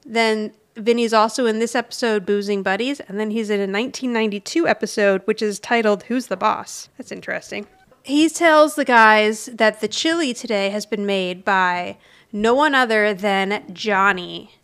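A woman's voice: medium pitch, fairly bright tone, clean tone. Chatty woman recapping in casual chat. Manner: chatty, with quick restarts and little asides. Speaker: podcast co-host.

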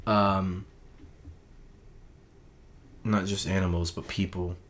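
A man with a fairly low voice, talking loosely to his listeners late at night. He rambles and circles back on his words, earnest and unpolished. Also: flat delivery, slow, fairly bright tone. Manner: rambling, earnest, self-correcting. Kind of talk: casual late-night monologue.

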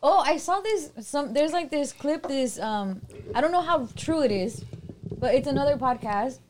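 A woman's voice: sits high, animated, normal speed, noisy background. A woman, co-hosting a casual podcast chat, teasing and laughing, swearing easily. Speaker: podcast co-host.

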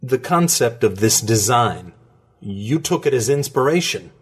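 Guy reading as a calm formal scientist dude, husky, polite and precise, little stumbles. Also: mid-range voice, unhurried. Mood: measured. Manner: polite, precise, slightly hesitant.

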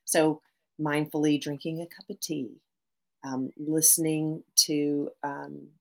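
A middle-aged woman therapist speaking as a podcast guest, animated, often restarting phrases and adding "right?". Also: low voice, slow, creaky. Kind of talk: podcast interview.

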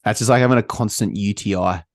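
A young Australian man hosting a casual podcast chat, laughing often and swearing freely in relaxed banter. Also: lowish voice, fast, no room sound, studio quality. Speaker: podcast host.

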